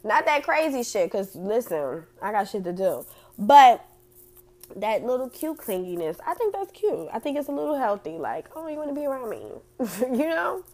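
A woman's voice: fairly high pitch, big pitch swings, moderate pace, darkish tone. A woman hosting a casual chat and reading out audience comments, blunt and profane, laughing often.

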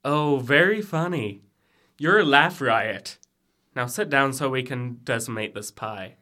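A man's voice: mid-range voice, measured pace, sharp tone. A young man acting a sarcastic frat brother in a college audio drama, with dry quips. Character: wry young male frat brother Jimmy. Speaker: student actor in audio drama.

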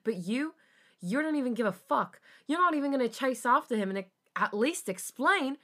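A woman's voice: mid-range voice, animated, a little fast, a bit bright, close to an everyday voice. A woman voicing a young man, guilty, exasperated, accusing, read-aloud fanfic. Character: guilty, upset young man confronting a friend.

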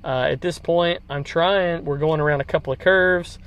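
A man's voice: fairly high pitch, steady tone, moderate pace, a bit bright, smooth. A man hosting a podcast, telling a long personal story in a rambling, casual way with many fillers and repeats. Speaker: podcast host.

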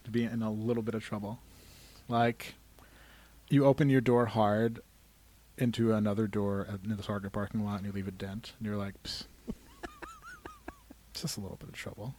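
A tired man rambles through jokes while co-hosting a casual podcast. He gets excitable and piles up loose tangents. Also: lowish voice, moderate pace, long pauses. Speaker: podcast co-host. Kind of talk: casual chat.

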